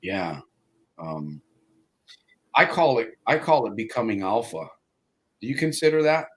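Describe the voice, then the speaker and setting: A man's voice: lowish voice, big pitch swings, a little slow. A man hosting a live interview show, speaking in a motivational way with lots of fillers. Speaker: host.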